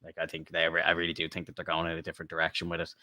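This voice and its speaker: Deep-voiced excitable podcast guy. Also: rapid-fire, no echo, clean studio sound. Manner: excited, swearing, rambling fanboy talk. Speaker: podcast co-host. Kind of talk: casual chat.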